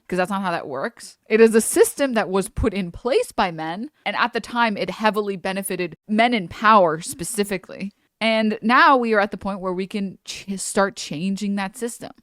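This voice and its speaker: A woman's voice: mid-range voice, no room sound, studio quality. A woman streamer giving sarcastic, swear-filled commentary while reacting to a video. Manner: animated, sarcastic ranting with frequent swearing. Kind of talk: casual live-stream commentary.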